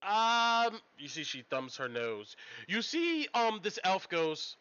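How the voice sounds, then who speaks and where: A man runs a tabletop game in an easygoing, unhurried storytelling voice that sits a little high and sounds bright. The audio is muffled, like a lo-fi stream. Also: clear, resonant tone. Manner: relaxed storytelling with frequent ums. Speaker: game master.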